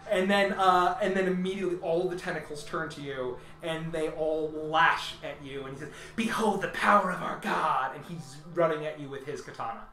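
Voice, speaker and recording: A man's voice: on the high side, fairly even intonation, fairly quick, few pauses, a bit bright, faint music behind. Male game master, rambling, filler-heavy narration; distant mic, roomy sound. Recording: echoey room, distant mic.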